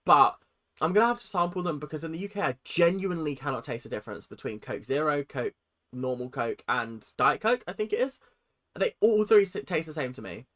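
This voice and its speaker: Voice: mid-range voice, pushed and bright. A reaction video host with a British accent, ranting dramatically in casual commentary.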